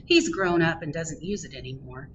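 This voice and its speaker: Woman reading as a calm, kind little girl. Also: low-pitched, moderate pace, dull audio, a little hiss or hum, natural voice. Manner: gentle, reassuring.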